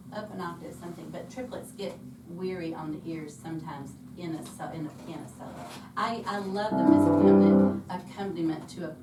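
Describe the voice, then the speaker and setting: A woman's voice: on the low side, recorded from a distance, noisy background. A woman teaching piano arranging in a workshop, chatty and self-deprecating, thinking aloud as she plays. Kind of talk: informal teaching talk at the piano. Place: hall or classroom with piano. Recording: echoey room, voice from afar, loud piano. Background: piano playing.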